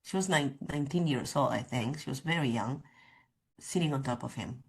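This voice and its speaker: A woman's voice: rumbling low, a little fast, creaky. A middle-aged woman, a guest author and coach, candidly recounting a personal story in an interview, with frank asides.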